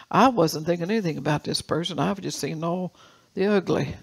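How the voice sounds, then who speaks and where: An older woman pastor preaching a sermon, reading scripture slowly and telling personal stories with laughs. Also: lowish voice, gravelly, slightly rough, low-quality recording.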